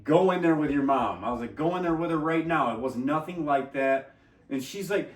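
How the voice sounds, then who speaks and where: A man's voice: on the high side, animated, brisk. Profane man telling stories in an echoey room. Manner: profane, laughing, shouts out quoted lines. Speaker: podcast guest telling a story. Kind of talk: crude casual storytelling. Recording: echoey room from far off the mic.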